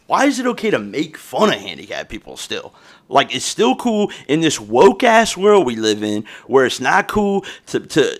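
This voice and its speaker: Profane rambling young man storyteller. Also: fairly high pitch. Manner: loose, profane, rambling with restarts. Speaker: podcast host.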